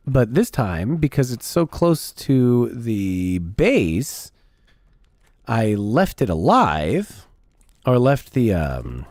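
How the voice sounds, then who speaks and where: Animated man streaming, swinging pitch wildly. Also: no room sound. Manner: profane, blunt, rambling. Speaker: game streamer. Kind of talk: casual chat while gaming.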